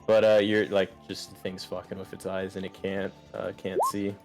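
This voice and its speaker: A man's voice: sits low, level tone, moderate pace, soft background music. A young man acting as game master, narrating loosely with lots of filler words. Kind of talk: running a tabletop game over voice chat.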